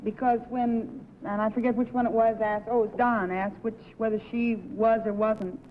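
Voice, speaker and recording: A woman's voice: fairly high pitch, level tone, moderate pace, slight background noise. A woman on a game show panel, chatty and musing aloud about her vote. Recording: tinny 1950s TV broadcast with loud audience.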